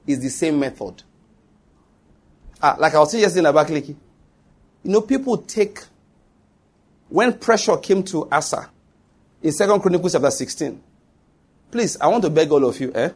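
A middle-aged man preaching a sermon, emphatic, asking his congregation questions and dropping to hushed, slow tones for quoted lines. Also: fairly high pitch, lively intonation, husky.

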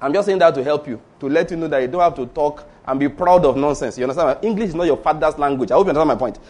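A middle-aged Nigerian pastor with a Yoruba accent delivers a sermon. His voice sits fairly high for a man. He tells stories with animation, acts out dialogue and throws rhetorical questions at his listeners. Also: racing, darkish tone.

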